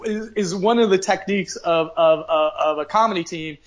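A man hosts a casual podcast chat in a lively, joking way and often restarts his sentences. His voice sits high for a man. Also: normal speed, rough recording. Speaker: podcast host.

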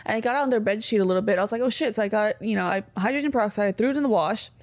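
A woman co-hosting a podcast, telling stories in a profane, animated way. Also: medium pitch, racing. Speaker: podcast co-host. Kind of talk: casual chat.

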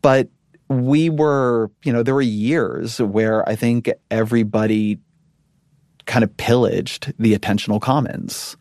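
A middle-aged man speaking as a podcast guest, thoughtful and measured, often restarting his sentences. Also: medium pitch, steady tone, a little mellow, no room sound, studio quality. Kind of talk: conversational interview.

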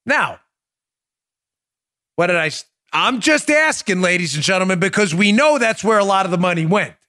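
A man's voice: sits high, expressive, moderate pace, pushed and bright. A man hosting a political talk show, delivering emphatic opinionated commentary full of rhetorical questions and direct appeals to his audience. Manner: emphatic, addresses audience as folks; rhetorical questions, restarts sentences.

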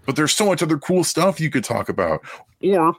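A man's voice: on the high side, big pitch swings, a little fast, no echo. A young man co-hosting a casual sports podcast, riffing animatedly on ideas. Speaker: podcast co-host.

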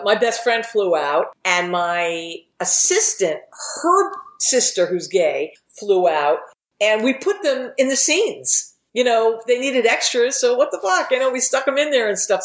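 Appearing as an interview guest, a middle-aged TV writer and producer tells candid, meandering stories about her career, swearing casually. Her voice is a little high, and the room sounds echoey.

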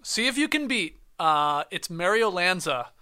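A man hosting a casual podcast, laughing often and talking quickly. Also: high voice, big pitch swings, sharp tone, smooth. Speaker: podcast host.

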